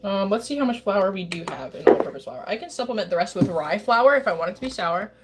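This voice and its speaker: Baking in her home kitchen, a woman livestreamer rambles casually and talks straight to her chat. Her mid-range voice is lively in intonation and fast, with heavy background noise around her.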